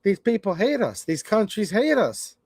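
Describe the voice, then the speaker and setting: A man's voice: high voice, very animated, normal speed, a little mellow, slightly rough, dry recording. A man in his forties hosting a livestream, rambling and stammering in a blunt, frustrated way. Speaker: livestream host. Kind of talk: casual livestream rant.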